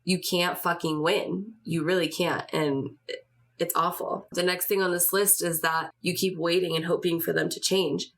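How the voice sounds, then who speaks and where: A woman's voice: on the low side, fairly even intonation, moderate pace. A woman in her twenties hosting a podcast, telling her own story in a candid, emotional way and swearing freely. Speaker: podcast host.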